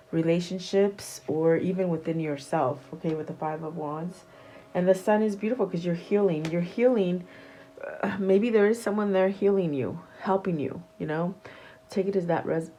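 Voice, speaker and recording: A woman reads tarot cards aloud for her viewers in a relaxed, wandering way, often stopping to restart a thought. Her voice sits fairly low and sounds mellow and warm rather than bright. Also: low-quality recording. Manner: soft, meandering, many fillers and restarts. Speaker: tarot reader. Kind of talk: casual tarot reading to camera.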